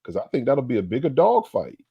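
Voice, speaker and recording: A man's voice: medium pitch, wildly swooping pitch, brisk, creaky, husky, dry recording, dull audio. A man co-hosting a casual sports talk livestream, brash and profane, building into heated rants. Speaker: co-host.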